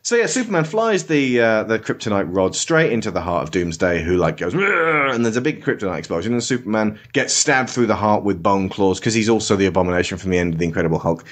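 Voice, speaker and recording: A lower-pitched man talks through a film review in a loose, sarcastic way. His pitch swings widely as he mocks what he saw on screen, often dropping into silly put-on voices. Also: fast talker, hardly any pauses. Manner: sarcastic, animated, breaks into mock voices. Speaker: podcast host reviewing a film. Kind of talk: casual spoken film review.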